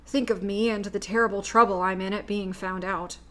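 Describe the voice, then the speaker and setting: A woman's voice: mid-range voice, steady tone, brisk, lightly acted. A woman reading aloud voices a timid, meek little old man who has been posing as a great wizard, speaking in a trembling voice.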